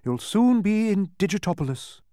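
A man voicing a kindly, fretful woman who keeps sounds, speaking gently and earnestly. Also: high voice, sing-song, moderate pace, no echo, clean studio sound, pitched above the performer's own voice.

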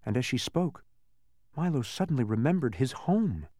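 A man reads a children's storybook aloud in a very lively mid-range voice that rises and falls, keeping a moderate pace. He's recorded close and dry with no echo, and he clearly enjoys the reading.

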